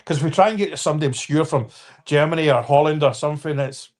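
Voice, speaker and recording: Fifties man, a touch high-voiced, rambling live-stream football talker. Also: quick pace. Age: 50s. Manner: rambling, frequent restarts and apologies, addresses viewers by name. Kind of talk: casual football chat.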